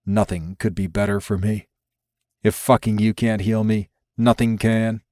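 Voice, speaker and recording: A man putting on a hushed, commanding wounded lover. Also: fairly low pitch, a little slow, no room sound, clean studio sound, lightly acted. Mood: low, commanding. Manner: calm, firm, clipped commands.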